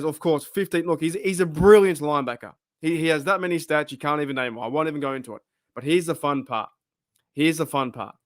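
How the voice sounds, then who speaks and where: A man's voice: a little high, no room sound, studio quality. A man with an Australian accent hosting his own fan channel, chatting casually and rambling as he asks viewers questions. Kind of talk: casual chat to camera.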